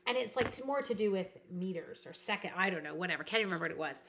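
A woman's voice: lowish voice, lively intonation, very fast, a bit bright. A chatty woman from Canada in her forties, hosting a casual livestream. She rambles through a story, laughs easily and stops to greet viewers by name. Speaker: livestream host.

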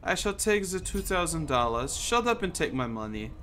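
A man's voice: on the high side, big pitch swings, moderate pace, a bit bright, a little hiss or hum. A man putting on a bad mock German accent for a hammy character, speaking in stiff, formal phrases. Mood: pompous.

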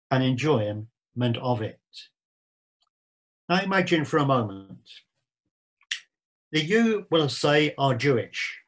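A man preaches a sermon at an unhurried, careful pace, spelling out each word of the text. His voice sits a little high for a man, and he leans hard on repeated phrases for emphasis. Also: low-quality recording. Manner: measured, deliberate Bible exposition with emphatic repetitions.

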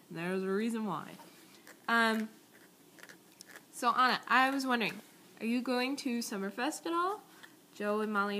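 A woman's voice: mid-range voice, a bit bright, a little hiss or hum. A young woman chatting in a casual video message to friends. She talks in a rambling, giggly, awkward way, recorded on a tablet's built-in mic. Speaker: vlogger.

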